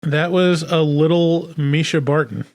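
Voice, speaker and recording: A man co-hosting a podcast, thinking aloud in a relaxed, casual chat about movies. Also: a little high, measured pace. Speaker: podcast co-host.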